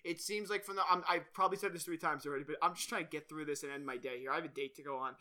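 A man's voice: a little high, fairly even intonation, very fast, bright, forceful tone. A man hosting a podcast in casual chat, rambling, swearing and often laughing. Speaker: podcast host.

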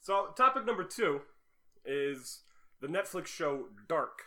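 Male podcast co-host, bright edgy tone, pitch a touch high, easygoing sidekick energy. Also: slow pace. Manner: relaxed, laughs easily, brief replies. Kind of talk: casual chat.

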